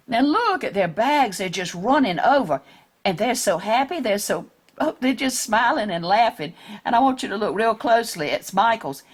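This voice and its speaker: A woman gently and slowly reads a picture book to children in a husky voice whose pitch swings widely. She keeps asking the little ones what they can see.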